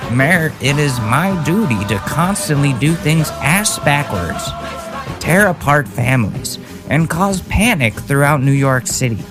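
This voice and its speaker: A man putting on a loud, sneering impression of a smug, callous big-city mayor giving a mock address. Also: mid-range voice, close to an everyday voice.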